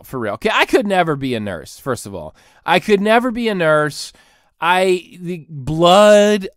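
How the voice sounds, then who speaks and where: Male podcast host, 30s, comic rant, lively pitch swings, dry close sound. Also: clean tone, dry recording. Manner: animated, self-mocking, sarcastic. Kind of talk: comedic rant.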